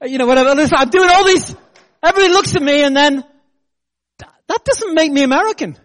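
Animated British preacher, high voice. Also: male voice, fairly quick. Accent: British English. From Britain. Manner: animated preaching with self-deprecating jokes and laughter. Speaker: pastor. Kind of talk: sermon.

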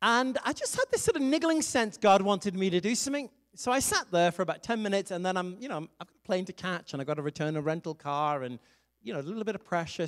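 A middle-aged man, an evangelist and pastor, preaching a sermon and telling a personal story in a conversational way, laughing now and then. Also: high voice.

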